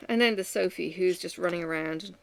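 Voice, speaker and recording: A woman's voice: lowish voice, normal speed, vocal fry. A woman chatting at home while she works on a craft, venting candidly about her day with frequent sighs. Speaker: vlogger. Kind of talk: casual chat while crafting.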